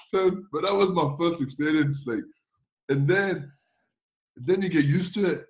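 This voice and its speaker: Animated, laughing former footballer telling stories. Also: male voice, on the high side, measured pace, noisy background. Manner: animated, laughing often, acting out others' voices. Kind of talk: casual storytelling in an interview.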